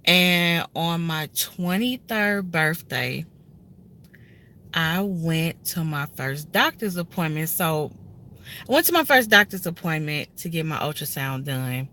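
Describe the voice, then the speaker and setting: A woman in her thirties speaks into a phone held at arm's length inside a car. Her voice is low-set but bright and forceful. She tells a personal story in an earnest, emotional way and often turns straight to her viewers. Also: expressive, slow. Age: 30s. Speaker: vlogger telling a personal story. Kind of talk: casual heartfelt story time.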